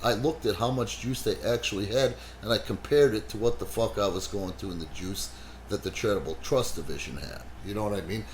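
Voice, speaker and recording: Brash man, podcast host, swears freely, lively storyteller, slight noise under the voice. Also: lowish voice, brisk. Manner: animated, swears heavily, frequent "you know". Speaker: wrestling promoter and podcast host. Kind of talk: casual profane podcast storytelling.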